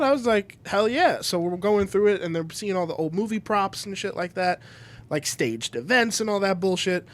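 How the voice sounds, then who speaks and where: Man, high pitch, animated, swears casually, podcast chat. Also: moderate pace. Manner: animated storyteller, acts out quotes, swears casually. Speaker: podcast co-host.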